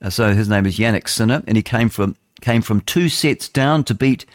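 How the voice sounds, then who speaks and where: A man's voice: lowish voice, moderate pace, dry recording, studio quality. An English man hosting a morning talk radio show, rambling, jokey and opinionated as he reads the news. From England. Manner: rambling, chatty, jokey, opinionated, stumbles over words. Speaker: radio host. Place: radio studio.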